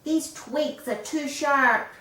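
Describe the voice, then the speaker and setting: A woman's voice: sits high, slow pace, bright, forceful tone, a little hiss or hum, voice pushed up, exaggerated voice. A woman voicing a grumpy, whining little male kookaburra chick in a storybook reading. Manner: whining, complaining. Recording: echoey room, voice a bit far off.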